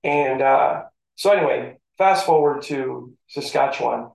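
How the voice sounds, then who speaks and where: A middle-aged man, a former football player telling animated stories from his playing days in a casual interview. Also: medium pitch, unhurried, gravelly. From St. Catharines, Ontario, Canada. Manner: animated storyteller who acts out the voices in his story. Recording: echoey room.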